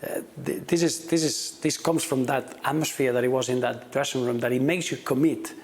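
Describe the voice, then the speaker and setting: A man's voice: mid-range voice, fairly even intonation, moderate pace. A middle-aged man, a football manager, giving reflective interview answers and often repeating words as he starts his sentences.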